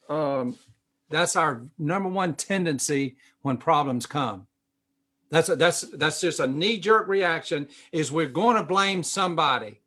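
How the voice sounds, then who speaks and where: A man's voice: fairly high pitch, sharp tone. A man preaching a sermon as pastor, emphatic, repeating phrases with fillers and restarts. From United States.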